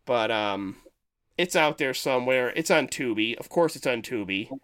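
A man co-hosting a podcast in casual chat, rambling and animated as he retells movie scenes. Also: medium pitch, normal speed, clean tone. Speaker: podcast co-host.

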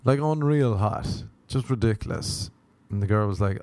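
Gravelly man rambling self-mockingly. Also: fairly low pitch, expressive, normal speed, few pauses, darkish tone, no echo. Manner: rambling, self-mocking storytelling with crude humour. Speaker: comedian. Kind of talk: casual solo podcast monologue.

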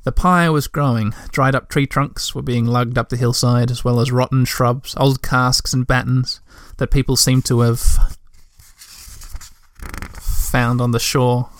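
A man's voice: mid-range voice, level tone, a little slow, no echo. Man reading a storybook aloud. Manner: chatty asides with fillers between reading. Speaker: reader. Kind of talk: reading a children's book aloud with casual asides.

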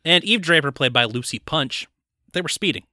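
A man co-hosts a podcast and walks through a film's plot in relaxed, joking chat. His tone is bright and forward. The sound is close and dry, with no room around it. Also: fairly high pitch, moderate pace, no room sound. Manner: relaxed, jokey plot recap with frequent laughs. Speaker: podcast co-host. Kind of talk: casual chat recapping a film.

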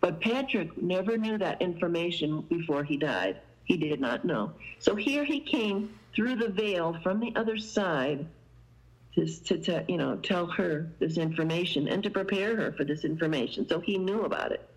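A woman's voice: lowish voice, expressive, moderate pace, rough recording. A woman guest telling a long story in casual conversation, meandering and sprinkling in fillers. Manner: meandering, many "you know" fillers.

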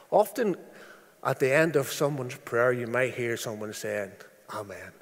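Slow, deliberate preacher in a reverberant church. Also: male voice. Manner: slow, deliberate delivery, drops low and soft on quoted verses. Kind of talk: sermon.

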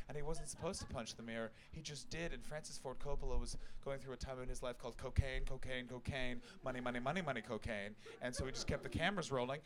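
A man's voice: mid-range voice, close to an everyday voice, rough recording. A man imitating a pedantic know-it-all young man reeling off trivia at a party. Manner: pedantic, matter-of-fact.

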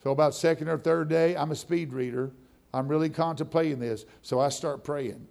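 Middle-aged male preacher, gravelly and fairly high voice, conversational testimony that builds into fervent preaching. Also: steady tone, moderate pace, a little mellow. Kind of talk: testimony sermon.

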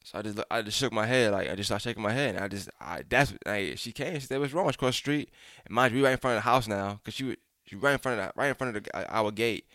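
A man's voice: lowish voice, fast talker, dry recording, clean studio sound. A young adult man telling a personal story casually, acting out the voices of the people in it, with slang and frequent restarts. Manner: animated, acts out quotes, frequent restarts and slang.

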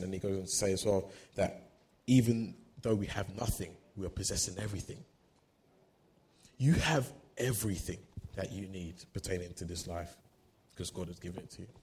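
A man's voice: sits low, fairly even intonation, normal speed, darkish tone, poor audio. A man preaching a sermon, earnest, often repeating words as he works through a thought.

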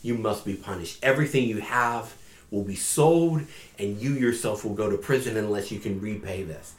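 A man voicing a stern king who scolds his servants in a measured way, recorded in an echoey room. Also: on the low side, natural voice. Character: wealthy king, stern when crossed.

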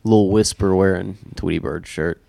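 A man's voice: low voice, fairly even intonation, normal speed, creaky, warm tone, dry recording, clean studio sound. A man who co-hosts a podcast, joking in casual chat with a loose, profane way of talking. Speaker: podcast co-host and comedian.

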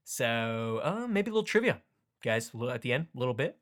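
A man's voice: mid-range voice, big pitch swings, fast. A young man hosting a casual sports podcast, upbeat and joking as he hypes up the show. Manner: upbeat, joking, hype-style show intros. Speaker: podcast host.

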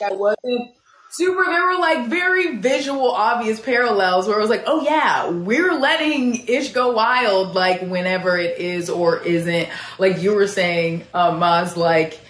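A woman's voice: medium pitch, moderate pace, a bit bright, roomy sound. A woman on a talk panel, rambling wryly with many "like" fillers. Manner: rambling, full of "like" fillers, wry. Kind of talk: casual political discussion.

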